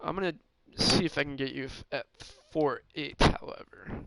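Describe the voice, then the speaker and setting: A man's voice: on the high side, normal speed, creaky, very noisy. A man streaming a hockey management game, thinking aloud in casual commentary with many fillers and restarts. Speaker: gaming streamer.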